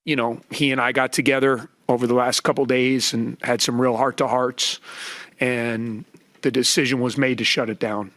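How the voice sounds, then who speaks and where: A man's voice: medium pitch, little pitch movement, moderate pace, fairly bright tone, no echo. A man, a basketball coach, speaking emotionally at a press conference. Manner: emotional, choked up.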